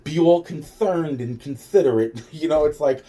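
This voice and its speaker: A man's voice: fairly high pitch, normal speed, hardly any pauses, mellow, far from the mic. A man telling a rambling, profane personal story with sarcastic asides.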